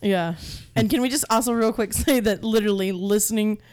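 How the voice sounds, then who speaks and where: A woman's voice: medium pitch, brisk, a little mellow. A woman co-hosting a comedy podcast in casual chat, often laughing through her sentences. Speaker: podcast co-host.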